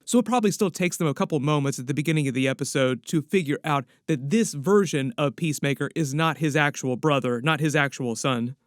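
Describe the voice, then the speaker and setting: Chatty man with a higher voice. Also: dry recording, studio quality. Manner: chatty, leans on "like", speculative. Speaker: YouTube pop-culture commentator. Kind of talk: casual video commentary.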